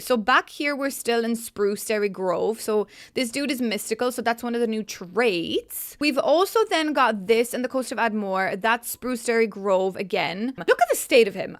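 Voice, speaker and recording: A woman's voice: a little high, fairly bright tone. Chatty young woman gushing. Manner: gushing and chatty, full of fillers. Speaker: gaming YouTuber. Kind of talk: casual reaction commentary.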